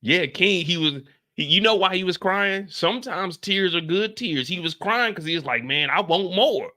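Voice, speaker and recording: This is a high-voiced man hosting a live reaction stream, chatting at a moderate pace. His manner is lively as he repeats lines and dramatizes quotes.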